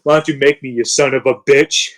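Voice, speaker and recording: A man's voice: medium pitch, steady tone, brisk, natural voice. A man putting on the voice of a brash, defiant beer-swilling male wrestler in a casual retelling.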